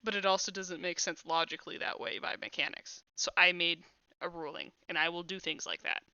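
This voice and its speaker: A woman's voice: lowish voice, steady tone, brisk, sharp tone, smooth, no echo. A woman acting as game master, describing scenes and making rulings with frequent hesitations. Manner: hesitant fillers while narrating. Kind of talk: narrating a tabletop game. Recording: dull lo-fi mic.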